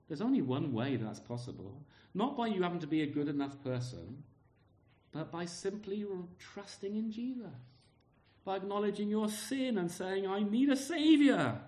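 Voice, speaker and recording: A man's voice: sits high, sing-song, normal speed, mellow. A man preaching a sermon, asking the congregation rhetorical questions and often repeating his words.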